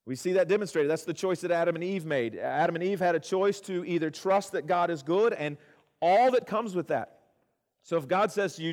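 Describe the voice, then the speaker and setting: A male pastor with a high, lively voice preaches fairly quickly in a conversational style, making asides to his congregation. He repeats phrases for emphasis and swings between loud and hushed. A long hall reverb surrounds his voice.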